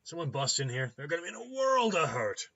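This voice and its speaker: A man voicing a hungover, cheerful male cyber-doctor with a loose Midwestern accent, shouting and joking. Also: fairly high pitch, big pitch swings, fairly quick, creaky, dull audio, pitched above the performer's own voice, full character voice. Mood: boisterous. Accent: loose Midwestern American. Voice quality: shouty, boisterous, jokey.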